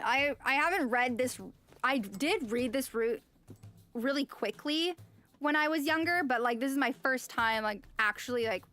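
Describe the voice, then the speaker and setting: Female streamer with a high voice, chatty, sighs a lot, faint music behind. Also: a bit bright. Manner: chatty, with frequent sighs and exclamations. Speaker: game streamer. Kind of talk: casual live-stream chat and reading game text aloud.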